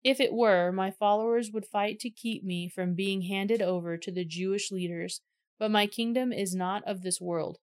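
A woman reading the lines of a calm, steady teacher in a scripture reading, measured and even. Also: medium pitch, clear, resonant tone, no room sound, clean studio sound, close to an everyday voice. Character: calm teacher, grown man, steady and certain.

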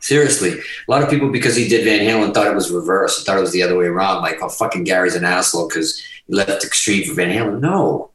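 A man telling stories in casual podcast chat, profane and animated as he talks. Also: deep voice, fast, hardly any pauses, echoey room, poor audio. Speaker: guest guitarist.

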